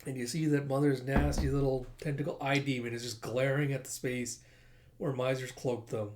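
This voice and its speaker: A man's voice: mid-range voice, steady tone, fairly quick, darkish tone. Casual, cussing man reading a comic aloud. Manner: casual, profane, with sound effects and laughs. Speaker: comic reader and reviewer. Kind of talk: casual comic book readthrough.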